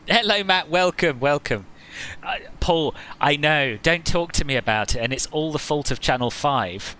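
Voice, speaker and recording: A man's voice: medium pitch, moderate pace, pushed and bright, poor audio. A man chatting casually as he streams a flight simulator session, joking with viewers and often laughing at himself. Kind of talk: casual live-stream commentary.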